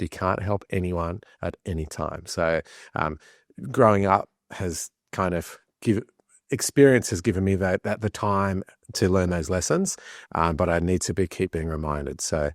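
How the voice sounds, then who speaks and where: A man's voice: low voice, dry recording, studio quality. A man, a podcast guest telling candid stories with restarts and self-deprecating humor. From Australia. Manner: animated storyteller, many restarts, self-deprecating.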